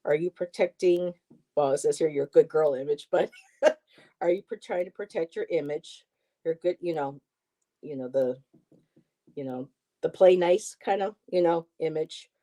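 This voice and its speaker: A woman's voice: low-pitched, a little slow, pauses often. A woman co-hosting a livestream, chatting with viewers and reading tarot cards aloud with casual asides. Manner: chatty, warm-hearted, reads card text aloud with asides. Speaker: tarot reader and livestream co-host.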